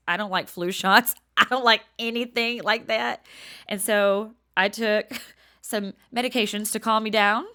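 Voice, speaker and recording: An older woman with a twang tells stories on her podcast in a chatty, animated way. Her voice is bright and swings widely in pitch. She laughs often and drops to a near whisper to stress a point. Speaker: podcast host. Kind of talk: casual storytelling monologue.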